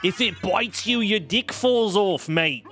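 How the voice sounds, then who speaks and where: A man's voice: sits high, lively intonation, slow, sharp tone, faint music behind, full character voice. A man putting on an exaggerated fake Australian accent as a crude, boisterous Aussie bloke. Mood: silly. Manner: silly, crude, over-the-top.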